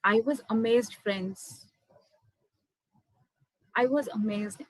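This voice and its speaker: A woman's voice: a little high, slow, dry recording, poor audio. Emotional woman sharing testimony. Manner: heartfelt, keeps addressing listeners as friends. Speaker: speaker sharing a spiritual testimony. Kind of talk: personal testimony to an audience.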